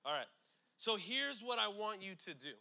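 A man from California preaching a sermon with lots of energy, casual asides, repeated lines and slow, emphatic scripture reading. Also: high-pitched, very animated, creaky, bright, forceful tone. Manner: conversational asides like "you know what I'm saying".

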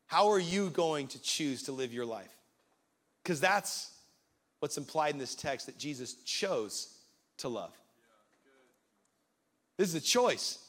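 A young man preaching a sermon in a casual, earnest way, with growing excitement. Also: a little high, slow, pauses often.

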